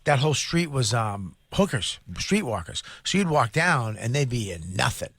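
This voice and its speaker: A middle-aged man rambles through a raunchy story on a comedy talk show, slipping into quick put-on voices for the people he quotes. His delivery is loose and casual, with laughter breaking in. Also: mid-range voice. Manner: crude, animated anecdotes with quoted voices. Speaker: co-host.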